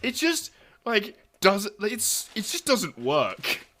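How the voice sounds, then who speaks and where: A man's voice: high-pitched, wildly swooping pitch, pushed and bright. A man co-hosting a podcast in casual chat, reacting with enthusiasm. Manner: enthusiastic, quick reactions and laughter.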